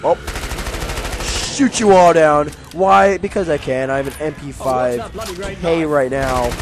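A young man giving casual, jokey commentary while playing a video game, often yelling at enemies. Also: medium pitch, background noise. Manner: excitable, jokey, yells at enemies. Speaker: gaming YouTuber.

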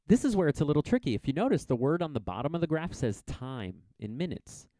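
A man's voice: medium pitch, mellow, no echo. A man teaching a science exam review lesson, explaining graphs in a chatty, informal way with little asides.

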